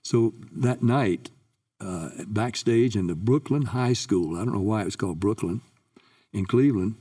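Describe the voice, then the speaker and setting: Older man telling stories, low and mellow. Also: moderate pace, slightly rough, recorded from a distance. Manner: lively recounting, acts out quoted voices. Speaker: guest singer. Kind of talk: anecdotal interview storytelling.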